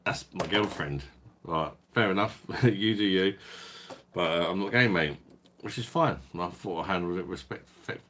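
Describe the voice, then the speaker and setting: Low-voiced sweary man. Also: moderate pace, a bit bright, a little hiss or hum. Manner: sweary, rambling, chuckles often. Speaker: beer review livestream host. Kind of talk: casual livestream storytelling.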